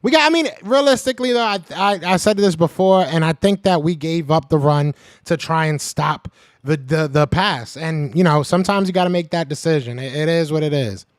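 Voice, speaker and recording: A man hosting a live podcast, reading the chat and trash-talking in a casual, animated way; he is a little sick. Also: a little high, fairly quick, no echo, studio quality.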